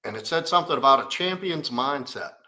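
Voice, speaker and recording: A man's voice: mid-range voice, animated, a little fast, creaky, pushed and bright. A man, a coach telling a candid, profane, rambling personal story in a live Q&A.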